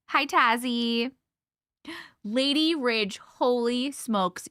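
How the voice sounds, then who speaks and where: A woman's voice: on the high side, sing-song, moderate pace, bright, forceful tone, dry recording, clean studio sound. A woman hosting a casual live stream, greeting viewers one by one in a bubbly, sing-song way and giggling often. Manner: chatty and giggly.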